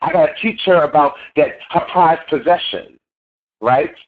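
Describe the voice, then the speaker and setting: Over a tinny phone line, a network marketing trainer gives a motivational sales training talk. His voice is on the high side and moderately paced, and he speaks emphatically and preachily, repeating his key phrases.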